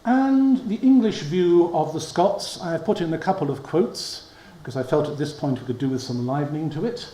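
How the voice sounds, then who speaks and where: A man's voice: fairly high pitch, expressive, moderate pace, few pauses, mellow. Wry male lecturer in an echoey hall. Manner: wry, chuckles at his own asides. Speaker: history lecturer. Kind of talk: public lecture. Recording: echoey hall with faint hum.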